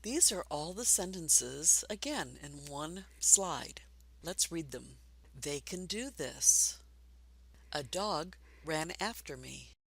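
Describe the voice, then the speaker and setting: A woman teaching a basic reading lesson for adults, patient and encouraging, speaking slowly and clearly. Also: sits low, fairly bright tone, no echo.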